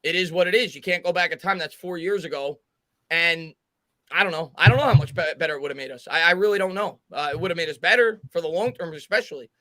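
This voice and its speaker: A man hosts a live sports stream, calling plays and reading out viewer comments. His voice is high and bright. The sound is dry and close. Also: dry recording. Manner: fast commentary, reads viewer chat aloud, halting restarts. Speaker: host doing play-by-play.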